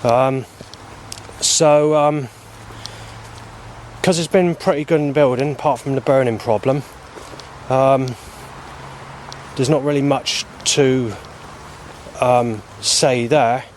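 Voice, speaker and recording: A man rambling through a spoken log of his day, halting often with ums and restarts. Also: medium pitch, a little hiss or hum. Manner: halting, many ums and restarts, flat recounting. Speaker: vlogger.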